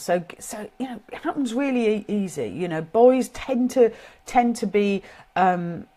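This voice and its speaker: A woman's voice: mid-range voice, expressive, measured pace, dark tone. A middle-aged woman with a British accent giving an informal, earnest talk on parenting, thinking aloud as she goes. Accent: British English. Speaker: parenting coach.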